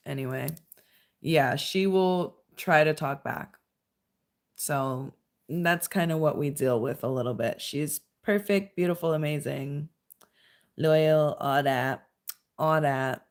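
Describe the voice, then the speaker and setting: A chatty young woman talks on a casual livestream from home, her voice sitting a little low. She laughs often and scolds her clingy dog between comments. A dog can be heard nearby. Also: slow pace. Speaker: livestream host.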